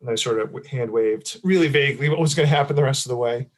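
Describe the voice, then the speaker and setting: A man's voice: medium pitch, fast talker. A middle-aged man, an author, talking casually in an interview, rambling with many fillers and restarts.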